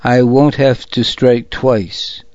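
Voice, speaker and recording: A fierce young soldier, urgent and hard, eager for a fight, voiced by a man reading aloud. His lines come slowly and deliberately. The sound is dry and dull. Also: medium pitch, little pitch movement, a little mellow, no room sound, lightly acted.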